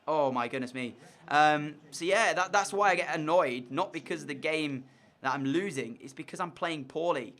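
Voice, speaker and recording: A young man giving commentary over a football video game, sliding between frustrated muttering and shouted excitement. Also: fairly high pitch, normal speed. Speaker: gaming YouTuber.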